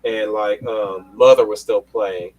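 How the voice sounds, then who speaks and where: A man's voice: lowish voice, fairly even intonation, a little slow, a little mellow, low-quality recording. A man hosting a casual panel chat, rambling with many restarts and casual swearing. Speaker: podcast host.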